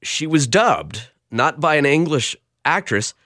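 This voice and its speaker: A man hosting a casual podcast chat about a film, jokey and animated, often restarting his sentences. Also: on the high side, a little slow, dry recording, studio quality. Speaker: podcast host.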